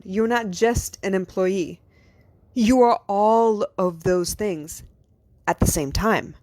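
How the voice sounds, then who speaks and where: A woman's voice: mid-range voice, darkish tone, dry recording. A woman hosting a podcast, a mother giving an earnest, encouraging motivational monologue full of rhetorical questions. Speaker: podcast host.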